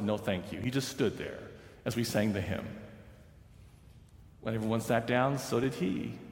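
Male preacher narrating a sermon story, calm and measured, recorded in a reverberant sanctuary. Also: mid-range voice. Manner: measured storyteller, softening for quoted lines. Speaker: pastor. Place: large church sanctuary. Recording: roomy sanctuary with long reverb.

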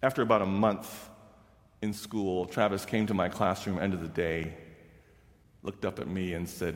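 A man recounts a story from his teaching days in a measured, reflective voice. He slows down deliberately to let points land. The sound carries a long reverb from a large hall. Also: low-pitched, fairly even intonation. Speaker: former middle school teacher. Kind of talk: storytelling talk to an audience.

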